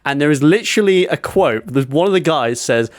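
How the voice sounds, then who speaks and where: A man's voice: a little high, brisk, no echo. Guy retelling a movie scene on a podcast, acts out the lines, dead dry mic. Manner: animated storytelling, acting out quotes. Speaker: podcast co-host. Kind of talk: casual chat.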